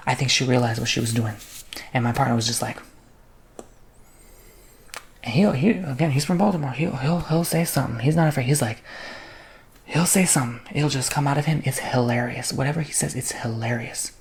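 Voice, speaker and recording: A man telling a story in soft-spoken ASMR style, drifting into whispers and chatting casually with many asides. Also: mid-range voice, normal speed, gravelly, pauses often, slight background noise. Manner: drifts between soft speech and unvoiced whisper.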